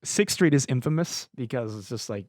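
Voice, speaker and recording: A young man co-hosting a casual podcast, telling an animated story with lots of swearing and laughter. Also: mid-range voice, fairly quick, dry recording, clean studio sound. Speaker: podcast co-host.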